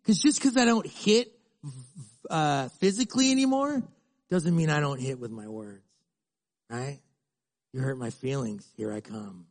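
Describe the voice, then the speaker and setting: A man's voice: mid-range voice, unhurried, long pauses. A middle-aged male pastor preaching a sermon in a conversational way, acting out little dialogues.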